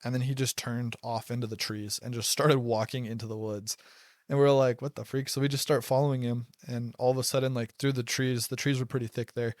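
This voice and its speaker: A man's voice: mid-range voice, level tone, fairly quick, a little mellow, dry recording, studio quality. A young man casually telling a personal story, rambling, with lots of "like" and restarts. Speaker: podcast host telling personal stories.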